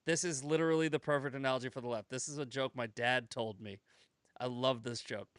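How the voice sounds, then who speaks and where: A man hosting a casual political chat podcast, profane and animated, slipping into voices when he tells jokes. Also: medium pitch, fairly quick, clean tone, no echo, clean studio sound. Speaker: podcast host.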